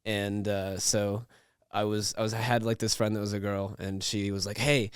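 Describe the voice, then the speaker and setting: A man's voice: lowish voice, flat delivery, moderate pace, clear, resonant tone, no echo, clean studio sound. A young man, hosting a podcast and telling a rambling, laughing story full of restarts and fillers. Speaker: podcast host. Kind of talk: casual storytelling chat.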